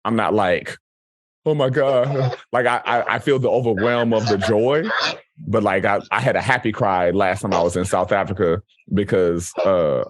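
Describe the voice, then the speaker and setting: A man's voice: on the low side, fairly even intonation, moderate pace, dry recording. A man co-hosting a podcast, chatting casually and laughing often. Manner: laughs often, wraps up the episode. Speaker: podcast co-host. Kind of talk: casual chat.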